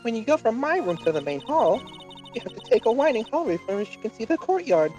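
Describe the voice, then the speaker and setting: A woman's voice: a little high, very animated, fast, mellow, soft background music, low-quality recording. A woman voicing a teasing, dramatic older nun. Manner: theatrical, teasing line reading. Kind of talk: game script voice reading.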